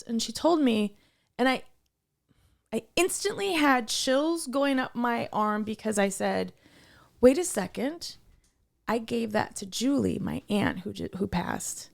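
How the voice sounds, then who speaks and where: A woman's voice: on the high side, moderate pace, gravelly. A young adult woman co-hosting a podcast, telling a story in casual chat and acting out the quoted dialogue. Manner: animated storyteller who acts out quoted dialogue. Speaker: podcast co-host.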